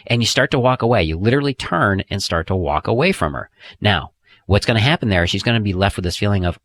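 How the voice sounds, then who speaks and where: A man reading his own dating advice audiobook in a casual, energetic, joking way, often checking in with "okay?". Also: lowish voice, quick pace. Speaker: author and audiobook narrator.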